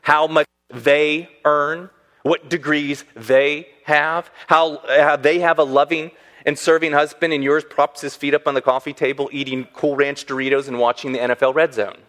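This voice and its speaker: A man preaching a sermon as a pastor, animated and acting out the voices he quotes. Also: fairly high pitch, normal speed.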